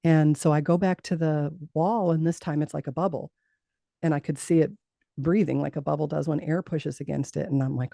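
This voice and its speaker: Gravelly, warm-voiced woman telling her story. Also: low-pitched, steady tone, brisk, no room sound, studio quality. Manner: earnest, laughs often, repeats words as she talks. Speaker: interview guest. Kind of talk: personal storytelling in an interview.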